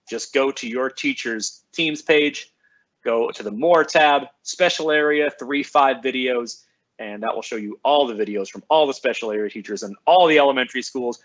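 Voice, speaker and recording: A man's voice: medium pitch, fairly bright tone. Upbeat man on a lo-fi live stream. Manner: upbeat and chatty, greeting viewers by name. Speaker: school librarian hosting a live stream. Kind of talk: casual live-stream address to students. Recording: slightly dull, lo-fi sound.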